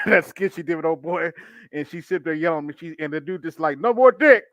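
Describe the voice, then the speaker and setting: A man's voice: a little high, fairly even intonation, a little fast, fairly bright tone, no echo. A joking man laughing a lot in a casual podcast chat.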